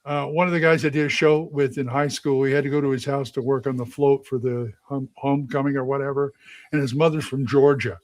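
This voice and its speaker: A man's voice: mid-range voice, steady tone, fairly quick, darkish tone, dry recording. A man co-hosting a casual tabletop gaming chat show, talking animatedly and sliding into character voices as he tells stories. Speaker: podcast co-host and game master.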